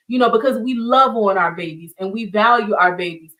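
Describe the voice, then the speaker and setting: A woman's voice: mid-range voice, a little fast, sharp tone, low-quality recording. A woman hosting an online community show, speaking with heartfelt emotion and often repeating her words. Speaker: host. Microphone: video call.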